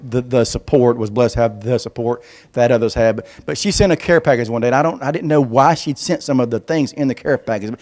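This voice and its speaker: A man's voice: medium pitch, a little mellow. A man with a stutter, giving a folksy, self-deprecating comic speech as a veteran guest speaker. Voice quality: stutters on some words.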